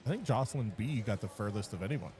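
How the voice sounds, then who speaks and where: A man's voice: lowish voice, animated, fast talker. A man from Canada giving live play-by-play commentary at a strongman competition, joking and upbeat in his calls. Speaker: sports commentator. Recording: loud music behind.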